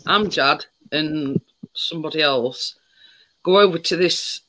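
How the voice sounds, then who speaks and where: A man cutting into a casual podcast chat with a drawn-out way of talking. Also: fairly high pitch, background noise.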